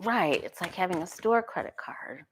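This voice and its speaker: A woman's voice: fairly low pitch, expressive, moderate pace, noisy background. Woman musing through a tarot reading. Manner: musing, asks herself questions aloud, frequent restarts. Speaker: tarot reader. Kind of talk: casual solo talk reading tarot cards.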